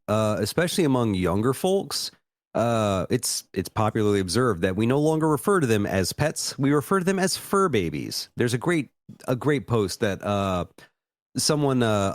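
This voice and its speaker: A man's voice: fairly low pitch, very animated, normal speed, dry recording, studio quality. An American man in his thirties co-hosting a podcast, chatting casually with a profane, self-mocking, rambling manner. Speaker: podcast co-host.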